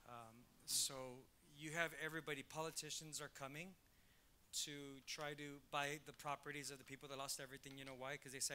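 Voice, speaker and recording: A man's voice: mid-range voice, flat delivery, fairly quick, bright, forceful tone, a little hiss or hum. A man, a pastor, speaking to his congregation in an emphatic preacherly way, repeating points for stress. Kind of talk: talk to a congregation.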